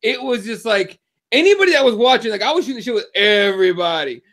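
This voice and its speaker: Excitable, profane man with a high voice. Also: fast. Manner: profane, excitable, animated storytelling. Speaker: podcast co-host. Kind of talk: casual podcast chat.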